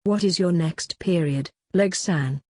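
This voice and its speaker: A woman reading a gentle polite class rep girl. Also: lowish voice, unhurried, no room sound, studio quality. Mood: kind.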